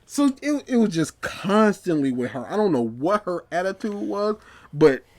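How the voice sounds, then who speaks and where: Animated young man telling work stories. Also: high voice, normal speed. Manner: animated, mimics coworkers mid-story. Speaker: podcast guest. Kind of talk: casual storytelling chat.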